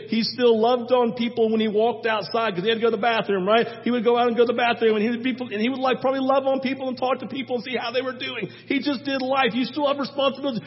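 A man preaching a sermon as a pastor, storytelling in an animated way, acting out biblical figures and swinging between loud and soft. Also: very high-pitched. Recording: muffled sound with long hall reverb.

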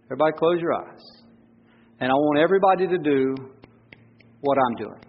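A man's voice: fairly high pitch, expressive, a little fast, husky, in a large hall, narrow, tinny audio. A man preaching to his congregation who tells a scripture story and acts out its quotes with animation. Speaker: pastor. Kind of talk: sermon.

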